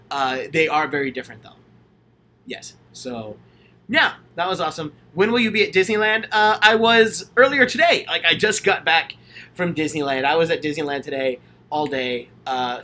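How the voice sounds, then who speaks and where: An upbeat man with a slightly high, bright, forceful voice, speaking in a casual livestream Q&A. He gushes enthusiastically and rambles with plenty of fillers as he answers his audience. His own handheld camera picks him up. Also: slight background noise. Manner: enthusiastic, gushing, chatty with many fillers. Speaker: channel host answering viewer questions. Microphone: handheld camera, self-filmed.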